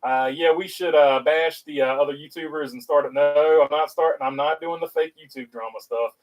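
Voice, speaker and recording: A man's voice: a little high, steady tone, normal speed, distant mic, low-quality recording. A man with a North Carolina Southern accent hosting a casual livestream, reading viewer chat aloud and rambling with lots of filler uhs.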